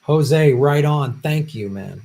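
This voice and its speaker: Male livestream political host with a higher voice, profane and heated, alternating grumbles and shouts between donation readouts. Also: takes it slowly, gravelly. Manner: profane, fired-up ranting, swings from muttering to shouting. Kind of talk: livestream rant reading viewer donations.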